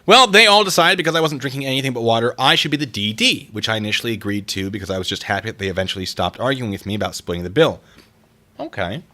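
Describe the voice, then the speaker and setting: A man's voice: fairly low pitch, expressive, very fast, pushed and bright. A man streaming live, reading reader stories aloud and reacting to them and to chat in a chatty, wry way. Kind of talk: casual live-stream commentary.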